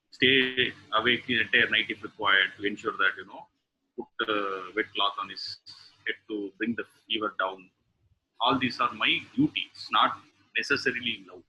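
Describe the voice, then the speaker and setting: A father taking part in an online discussion, talking hesitantly with frequent fillers. His low voice has a very bright, edgy tone with a husky grain. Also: lo-fi sound. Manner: hesitant, full of ums and uhs. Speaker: father and participant. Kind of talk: group discussion. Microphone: online call.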